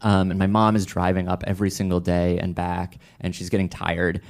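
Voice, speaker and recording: A man's voice: low voice, completely flat delivery, brisk, darkish tone. A young man telling a personal story on stage, wry and rambling, full of restarts and fillers. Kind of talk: live storytelling.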